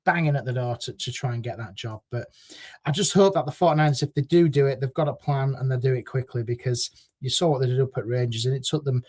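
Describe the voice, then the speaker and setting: A man's voice: mid-range voice, fast, darkish tone. A man co-hosting a casual football podcast, chatty and agreeable, rambling on as he talks.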